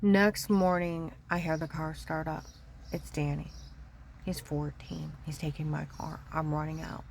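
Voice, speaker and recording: A woman's voice: low voice, flat delivery, unhurried, gravelly, slight background noise. A woman recounting a painful family episode as personal testimony, emotional and repeating her key points. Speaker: mother telling her own story.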